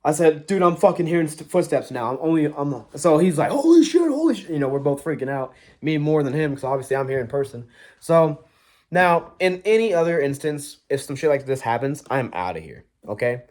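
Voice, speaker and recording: A man's voice: on the high side, brisk, a little mellow. Profane young man rambling through a ghost story. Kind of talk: casual storytelling to camera.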